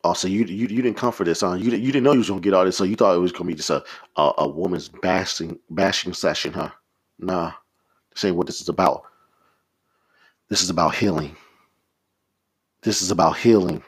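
A man's voice: sits low, brisk, long pauses, breathy edge. A man preaching a podcast sermon, leading prayers in a fervent, repetitive, exhorting way.

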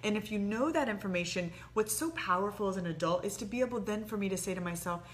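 A woman on a talk show giving earnest, animated advice, sometimes dropping soft and low. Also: fast, hardly any pauses, a little hiss or hum. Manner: earnest, animated, dips soft and low when quoting inner thoughts. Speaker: therapist guest. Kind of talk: casual advice chat.

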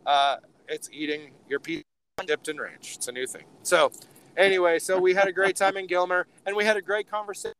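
A man's voice: high-pitched, fairly even intonation, a little fast, fairly bright tone, smooth, poor audio. A man co-hosting a podcast, telling a rambling road-trip story in casual chat from inside a vehicle. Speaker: podcast co-host. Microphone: handheld mic.

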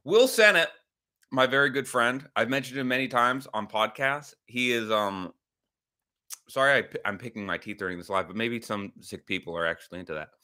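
A man's voice: mid-range voice, fairly quick, pushed and bright. A man hosting a podcast livestream, rambling casually with some swearing and reacting to chat comments. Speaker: podcast host.

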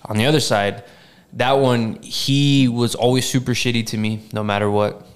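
A young man co-hosting a podcast, telling loose stories in casual chat, swearing freely with flat deadpan asides. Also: medium pitch, moderate pace. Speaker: podcast co-host.

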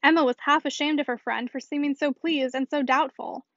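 Woman audiobook narrator, high voice, dry dull recording. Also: steady tone, fairly quick, fairly bright tone, no echo. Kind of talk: scripted narration.

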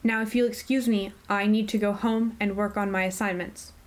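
A woman's voice: medium pitch, steady tone, normal speed, lightly acted. A woman voicing a nervous young female student in a tabletop game, evasive and flustered. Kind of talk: tabletop role-play.

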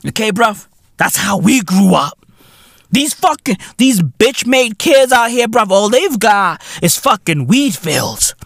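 A man with a South African accent, hosting a comedy show, delivering a profane, animated rant in heavy slang with shouted bursts. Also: high-pitched, slow, vocal fry, no echo, studio quality. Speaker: comedy podcast host.

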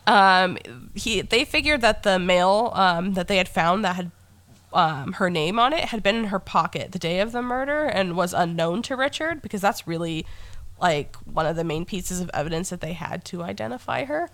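A woman's voice: lowish voice, lively intonation, normal speed, fairly bright tone, no room sound. A young woman co-hosting a casual true crime podcast, just getting over being sick, telling the story bluntly with many ums and sarcastic asides. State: recovering from illness, coughing. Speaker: podcast co-host.

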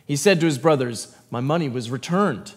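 A man's voice: mid-range voice, expressive, normal speed, breathy edge, in a large hall. A man preaching a sermon as pastor. He reads scripture aloud and then breaks into loose, conversational asides. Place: church sanctuary.

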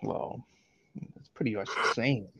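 A man's voice: mid-range voice, lively intonation, a little slow, creaky, a little mellow, dry recording. A man in casual chat, joking and rambling, often repeating his words as he stumbles along. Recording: slightly dull, dry recording.

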